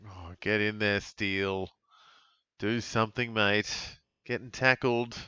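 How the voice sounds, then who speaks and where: A man's voice: on the low side, steady tone, slow pace, pushed and bright, clean tone, no room sound. A man hosting a live fantasy sports watch-along, chatting and exclaiming as plays happen. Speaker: host. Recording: dull lo-fi dry mic sound.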